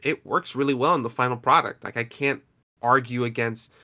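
A man's voice: medium pitch, a little fast, pushed and bright. A man hosting a casual podcast chat, talking in a chatty, rambling way with frequent restarts. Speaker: podcast host.

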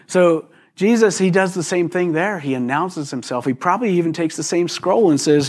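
A man preaching a sermon in a relaxed, conversational way, often putting questions to the congregation. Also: a little high, normal speed, hardly any pauses. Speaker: pastor.

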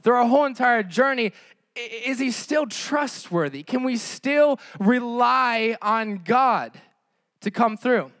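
High-voiced preaching man, dry sound. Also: slow, fairly bright tone, no echo. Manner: impassioned, rhetorical repetition with frequent fillers. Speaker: pastor. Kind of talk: sermon.

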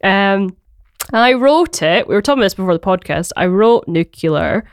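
On a podcast recording, a Glaswegian songwriter from Scotland gets animated at a moderate pace, his medium-pitched voice clean in tone. He talks casually and rambles, hesitating a lot with frequent ums and laughs. The studio-quality audio is dry.

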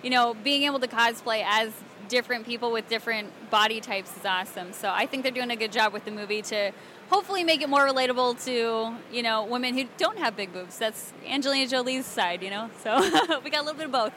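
Giggly young woman from alabama, bright tense voice, bit higher pitched, faint noise behind. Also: fast. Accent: Southern American. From Alabama, USA. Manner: bubbly, giggly, excitable. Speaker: cosplayer and voice actress guest. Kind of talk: convention interview chat. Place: convention floor.

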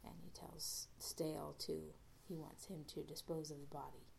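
Low, gravelly-voiced woman recapping casually. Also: little pitch movement, moderate pace, a little mellow, a little hiss or hum. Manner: rambling, many fillers and restarts. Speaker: podcast host.

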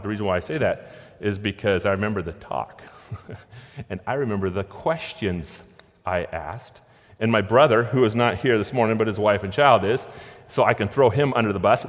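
A middle-aged man giving a conversational sermon with stories and chuckles. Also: fairly low pitch. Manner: conversational, anecdotal, with frequent restarts and chuckles. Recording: long hall reverb.

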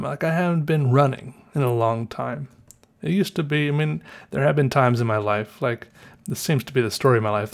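A man with a light Southern US accent chats to his viewers in an unhurried, wandering way. He stops to correct himself and muses out loud, trailing off and circling back to his thoughts. His voice sits at an ordinary middle pitch. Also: creaky. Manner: meandering, self-correcting, musing aloud. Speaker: vlogger. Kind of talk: casual rambling monologue.

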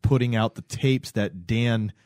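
A man's voice: mid-range voice, unhurried, no room sound, studio quality. A man casually recapping a TV series on a podcast, acting out the characters' lines as he tells it. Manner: animated storytelling, acts out quotes. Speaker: podcast co-host. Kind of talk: casual chat recapping a show.

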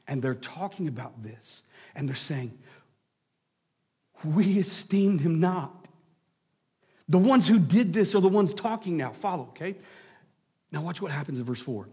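A man preaching a sermon, dropping into low hushes and rising into emphatic lines, with jokey asides to the congregation. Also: husky. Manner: dramatic drops to a low hush, then rising emphasis. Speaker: pastor.

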